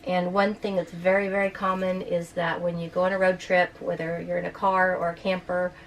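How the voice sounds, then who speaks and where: A woman's voice: lowish voice, level tone, brisk, far from the mic, rough recording. A chatty woman walks through her motorhome for a vlog, explaining features as she shows them. She sits a little away from the mic, and faint ambient noise runs underneath. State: out of breath. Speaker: RV vlogger. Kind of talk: casual walkthrough of a motorhome.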